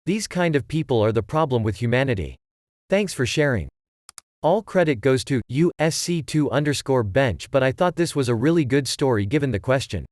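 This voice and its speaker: A man's voice: mid-range voice, a little mellow, no room sound. Man reading Reddit stories, dry sound. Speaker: narrator. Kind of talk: reading Reddit posts aloud.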